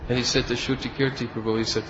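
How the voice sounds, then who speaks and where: Speaking quickly in a level, medium-pitched voice with a fairly bright edge, a man acting as a spiritual teacher leads a devotional class. He tells a story all the way through, performing the quoted lines of each character. The recording sounds dull and lo-fi, carrying a faint hiss.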